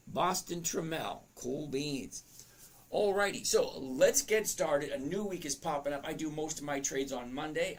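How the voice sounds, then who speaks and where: This man, a livestream host who teaches stock trading, runs a casual trading stream and greets chat viewers by name in an upbeat, chatty way. His voice is a little high and slightly rough.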